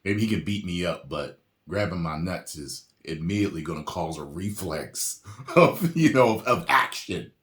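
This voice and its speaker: Deep-voiced man riffing with laughs. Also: normal speed, echoey room. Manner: animated, laughs often, jokey asides. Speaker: reaction video host. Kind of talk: casual reaction commentary. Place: home room with a printer.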